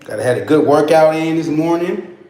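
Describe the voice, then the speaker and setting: This American man's voice sits on the high side, warm and expressive, with a brisk pace and a faint hiss or hum behind it. He's hosting a relaxed livestream, joking loosely with his audience in slang and replying to chat, though he's tired and keeps yawning.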